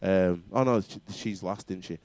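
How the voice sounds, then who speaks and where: A man's voice: sits low, moderate pace, a little mellow, no room sound. A man hosting a casual rugby chat show, bantering and laughing often. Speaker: talk show host.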